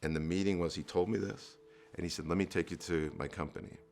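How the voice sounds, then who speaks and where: Deep gravelly man telling his story. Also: fast talker, darkish tone, slight background noise. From New Jersey, USA. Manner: earnest storytelling with fillers and restarts. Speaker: entrepreneur guest. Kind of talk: candid life-story interview.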